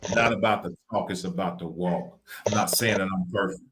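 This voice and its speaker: Southern man, low voice, repetitive preacher-like cadence, live podcast co-host. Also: fairly quick, background noise.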